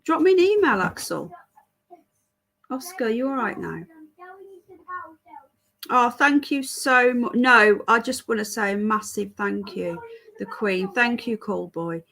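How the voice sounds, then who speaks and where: A woman's voice: on the high side, lively intonation, a little slow, creaky, pauses often, fairly bright tone. A British woman hosting a casual livestream, talking in a rambling way and answering viewer messages as they come in. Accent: British English. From Britain. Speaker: livestream host. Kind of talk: casual livestream chat reading viewer comments.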